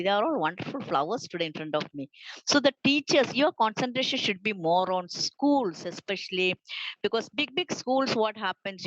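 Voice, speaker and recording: A woman speaking on a video call panel in an earnest, halting way with many fillers. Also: medium pitch, a bit bright, no room sound. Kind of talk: unscripted panel talk. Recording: dull lo-fi video call audio.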